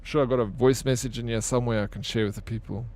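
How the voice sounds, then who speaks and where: A man's voice: mid-range voice, fairly even intonation, fast, darkish tone. A young man streaming a video game, joking and bantering with his chat, swearing freely. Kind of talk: casual live-stream chat while gaming.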